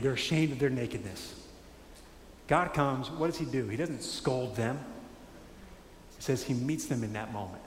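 A man preaching a sermon in a conversational, animated way, acting out quotes. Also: mid-range voice, a little hiss or hum. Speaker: pastor. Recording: echoey hall with faint ambience.

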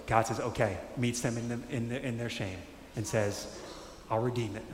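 A man preaches a sermon, chatty and animated, slipping into quoted voices as he talks. His voice sits at a middle pitch. It rings out in a roomy hall with a long tail of reverb. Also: a little fast. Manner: animated, conversational, acts out quotes. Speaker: pastor. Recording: echoey hall with faint ambience.

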